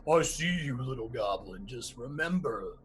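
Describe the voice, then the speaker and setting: A man voicing a fat, menacing male gladiator owner in a low, threatening growl. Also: expressive, moderate pace, a little hiss or hum, lightly acted.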